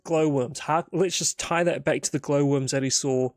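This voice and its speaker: A man's voice: fairly high pitch, steady tone, moderate pace, no echo, studio quality. A man narrating and thinking aloud through a solo tabletop game in a casual, rambling way full of fillers.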